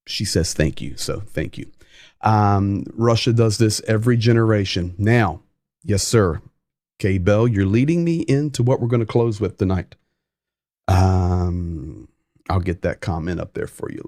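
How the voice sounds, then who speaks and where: Male livestream host, unhurried and emphatic, reads out comments, dry close mic. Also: fairly low pitch, darkish tone, no echo. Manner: reads viewer comments aloud, chatty and emphatic.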